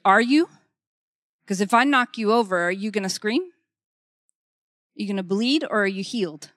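A woman's voice: medium pitch, expressive, unhurried, long pauses, a bit bright, no echo, clean studio sound. A middle-aged woman preaching a conversational sermon. She speaks emphatically, repeats her key phrases and keeps checking in with "okay?".

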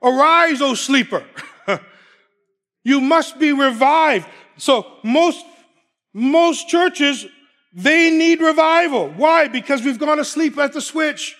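Give me a male preacher with a strikingly high voice giving an emphatic sermon. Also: expressive, slow, fairly bright tone. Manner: emphatic, repeats key phrases, laughs between points.

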